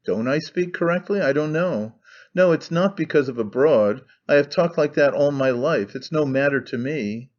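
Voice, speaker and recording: A man voicing an intense, brooding young man obsessed with one idea, earnest and halting as he speaks. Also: a little high, darkish tone, highs cut off, lightly acted. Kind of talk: audiobook character reading.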